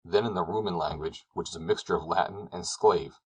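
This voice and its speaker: A man narrating a classic novel as an audiobook, in a measured, descriptive storytelling manner. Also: deep voice, husky, low-quality recording.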